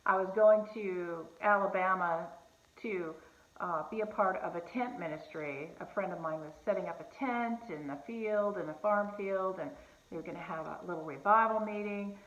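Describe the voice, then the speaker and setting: A woman's voice: on the low side, normal speed, a bit bright. A woman casually telling a personal faith testimony, earnest and conversational, with fillers and restarts. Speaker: host sharing a personal testimony. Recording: echoey room, slightly dull sound.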